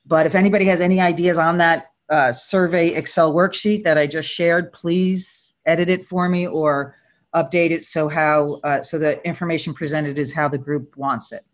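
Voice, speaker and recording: A man making a quick comment in an online meeting, with many fillers and restarts, over a video call. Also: fairly high pitch, steady tone. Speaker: meeting participant.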